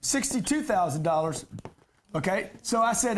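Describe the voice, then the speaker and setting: A man's voice: high-pitched, animated, normal speed, a bit bright, a little hiss or hum. A man giving a live real estate seminar to an audience, brash and slangy, cracking jokes as he teaches.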